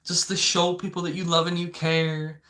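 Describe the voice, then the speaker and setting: A young man putting on a high, sing-song voice to mock an admirer gushing over a do-gooder. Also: level tone, moderate pace, bright, forceful tone. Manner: sing-song mocking praise.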